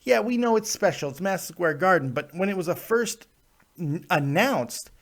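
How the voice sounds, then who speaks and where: A man's voice: high-pitched, lively intonation, normal speed. A man hosting a live wrestling review show, ranting with lots of swearing and laughs, and he is coming down with a cold. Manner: ranting, profane, laughs often. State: getting sick, plugged ears. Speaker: podcast host.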